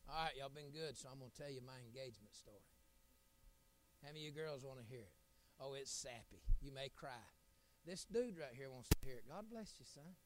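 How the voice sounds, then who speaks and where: A middle-aged man, an evangelist preaching a sermon, telling folksy stories and building to loud, shouted appeals. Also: medium pitch, expressive, fairly quick.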